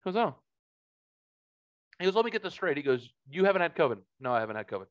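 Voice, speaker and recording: A man's voice: fairly high pitch, sing-song, quick pace, no room sound, lo-fi sound. A man telling a story in a casual podcast chat, profane and heated.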